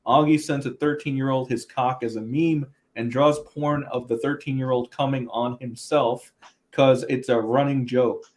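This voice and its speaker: A man's voice: medium pitch, fairly even intonation, normal speed. A man co-hosting a casual group podcast, talking in a distracted, mumbly way while he plays a video game. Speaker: podcast co-host.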